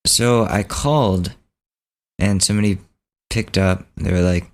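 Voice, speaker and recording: A podcast host telling a story in a low, unhurried voice. He rambles easily from one point to the next in a relaxed, casual way.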